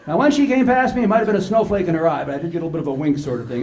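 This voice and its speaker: An older man giving a humorous keynote to a conference audience, an animated storyteller who acts out the dialogue. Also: a little high, very fast. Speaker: conference speaker. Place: large conference hall with live audience. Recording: echoey conference hall.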